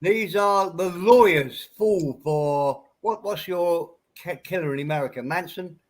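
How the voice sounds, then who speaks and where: A man with an English accent in a casual live stream chat, slowly giving his view with hesitations and coughs. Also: sits high. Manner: slow, hesitant, thoughtful, clears throat and coughs.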